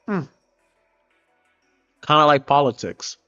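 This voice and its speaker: Speaking slowly in a slightly high, bright, smooth voice that's animated and forceful, this livestreaming artist from Florida talks casually as he draws. His chat wanders loosely with offhand swearing, carried over dull lo-fi audio with faint background music.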